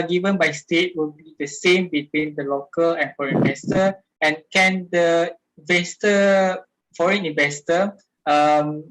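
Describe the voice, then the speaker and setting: A man asking a polite, halting question of the speaker in an online seminar. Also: on the high side, fairly bright tone, slight background noise, poor audio. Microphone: video call.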